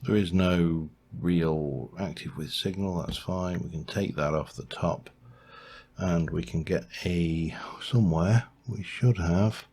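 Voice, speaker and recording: A man's voice: deep voice, slow pace, darkish tone, slight background noise. A man thinking aloud as he narrates his building game, rambling and humming to himself as he works. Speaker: let's play host. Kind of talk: gameplay commentary.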